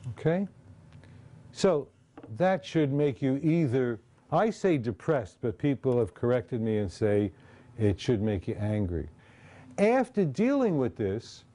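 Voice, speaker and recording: A man's voice: fairly high pitch, dark tone. A man giving a lecture and talking through slides in a conversational way, often checking in with the audience.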